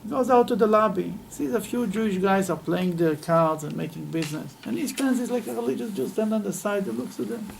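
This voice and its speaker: A man, a rabbi teaching a weekly Torah class, telling an animated story that is sprinkled with Yiddish and Hebrew words. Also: high-pitched, brisk, creaky, few pauses, slight background noise, poor audio.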